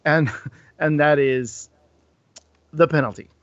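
Male podcast co-host, upbeat and rambling, slightly high voice, dull dry recording. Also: slow pace, dry recording. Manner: animated, repeats words when starting sentences. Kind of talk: casual chat. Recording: dull lo-fi sound.

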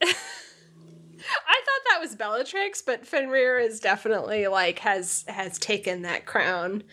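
A woman's voice: mid-range voice, animated, takes it slowly, bright, forceful tone. A woman co-hosting a podcast in casual chat, amused and laughing often. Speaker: podcast co-host.

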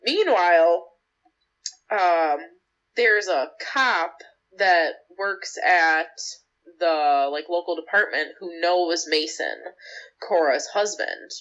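A woman's voice: lowish voice, slow pace, a bit bright. A young woman co-hosting a podcast, casually recapping a show with lots of filler words and acted-out lines. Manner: rambling, lots of "like" fillers, acts out characters' lines. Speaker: podcast co-host. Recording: slightly dull lo-fi audio.

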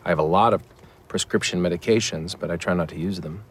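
An actor playing a weary, soft-spoken stranger in film dialogue, quiet and subdued. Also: male voice, low voice, fast, breathy edge.

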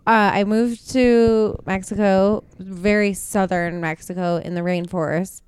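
A woman chatting casually, teasing and asking quick questions. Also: medium pitch, fairly even intonation, a little mellow, clear, resonant tone. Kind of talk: casual chat.

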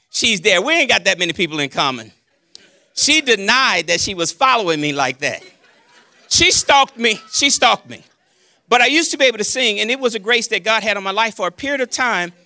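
A man preaching a sermon as pastor, animated and playful, acting out his talks with God and joking with the congregation on a handheld mic. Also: very high voice, no echo, studio quality.

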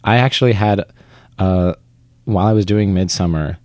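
Low-voiced young man, chatty and self-deprecating. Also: moderate pace, darkish tone, no echo. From Vermont, United States. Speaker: interviewee, theater actor. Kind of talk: conversational interview.

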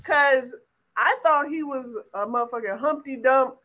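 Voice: high-pitched, measured pace, a crowd in the background. A podcast co-host in casual chat, joking loosely and laughing often.

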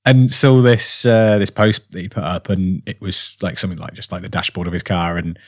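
Tired, rambling bloke, low voice. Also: male voice, fairly even intonation, fairly quick, no room sound, studio quality. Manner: rambling, lots of fillers and restarts. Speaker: podcast co-host. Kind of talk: casual chat.

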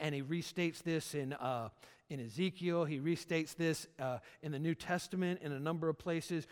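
A middle-aged man, a pastor, preaching a sermon at a church service, animated and emphatic with lots of repetition. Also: fairly high pitch, big-room sound.

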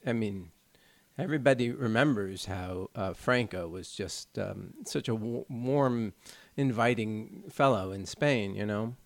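A man's voice: lowish voice, a little slow, vocal fry, dry recording. Earnest man explaining at length. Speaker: podcast co-host. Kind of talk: casual chat.

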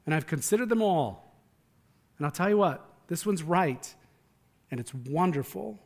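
A pastor with a notably high voice for a man delivers a conversational sermon. He speaks earnestly and with emphasis, doubling back on words as he reaches for the next phrase. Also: animated, normal speed, vocal fry, a little mellow.

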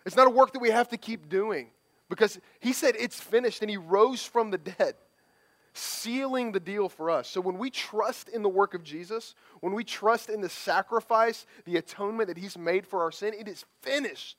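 Male pastor, high-pitched voice, easygoing preaching with frequent restarts. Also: normal speed, a bit bright. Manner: conversational, tag questions, repeated restarts. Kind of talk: sermon.

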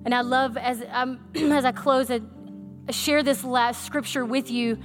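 A woman preaching a sermon, telling a personal story in a conversational, animated way with fillers. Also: high voice, a little slow, in a large hall, faint music behind.

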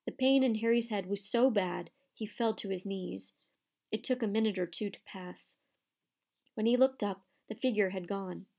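Gravelly-voiced woman narrating a storybook. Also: medium pitch, normal speed, mellow. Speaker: audiobook narrator.

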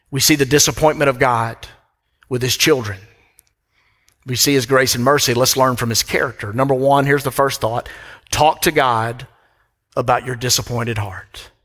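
A man's voice: mid-range voice, a bit bright. A middle-aged man preaching a sermon from a church pulpit, emphatic and repeating phrases for weight. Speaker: pastor. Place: church sanctuary. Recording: long reverb of a church hall.

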